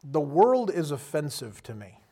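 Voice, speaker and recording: Preacher, male, high voice, animated delivery that swells to loud emphatic bursts. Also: normal speed, slightly rough. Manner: direct questions to the listener. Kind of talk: sermon.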